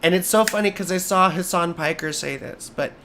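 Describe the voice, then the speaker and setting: A hoarse American man doing a live astrology chart reading, rambling and easily sidetracked, with jokey asides. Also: sits high, fairly quick, pushed and bright, a little hiss or hum.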